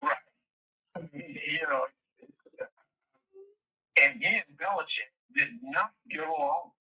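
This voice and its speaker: A man's voice: fairly high pitch, slow pace, pushed and bright, slightly rough, rough recording. A man, hosting a casual sports chat and rambling through stories with many restarts. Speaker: podcast host.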